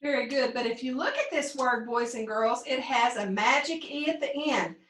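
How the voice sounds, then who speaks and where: A woman teaching first grade phonics, prompting young pupils and slowly sounding out words in a sing-song way. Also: sits high, animated, a bit bright, slight background noise. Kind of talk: remote phonics lesson for young children. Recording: echoey room, mic at a distance.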